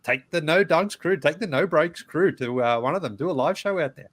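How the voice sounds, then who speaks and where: A man's voice: fairly high pitch, brisk. A man co-hosting a podcast, telling stories in a rambling, casual way. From London. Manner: rambling storyteller with fillers and laughs. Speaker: podcast co-host. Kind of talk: casual chat.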